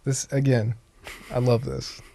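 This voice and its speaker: A man co-hosting a podcast, chatting in a chummy way with quick agreeing replies. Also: medium pitch, level tone, vocal fry, dark tone. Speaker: podcast co-host. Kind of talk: casual chat.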